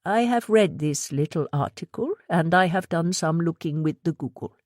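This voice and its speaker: A woman voicing a tall male shopkeeper with a heavy accent who talks in quick, clipped bursts. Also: on the low side, expressive, darkish tone, no echo, clean studio sound, close to an everyday voice. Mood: worried. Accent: heavy foreign accent, put on.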